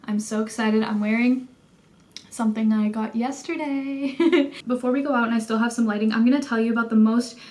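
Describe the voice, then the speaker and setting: A woman's voice: on the high side, brisk. Chatty Canadian woman telling a story. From Canada, Toronto. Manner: chatty, animated storytelling, many "like" fillers. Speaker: vlogger. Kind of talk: casual storytime vlog. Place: indoors at home by a window.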